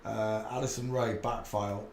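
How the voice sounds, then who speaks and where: A man's voice: lowish voice, flat delivery, normal speed, gravelly, darkish tone, roomy sound, a little hiss or hum. A man with a Yorkshire accent giving a muttered running commentary as he browses images for his channel. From England. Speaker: channel host.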